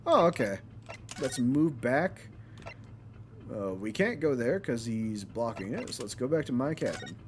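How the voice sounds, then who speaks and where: A man's voice: mid-range voice, very animated, a little slow, slight background noise. A man casually commenting while playing a game, with laid-back mumbled asides, game music behind. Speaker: streamer.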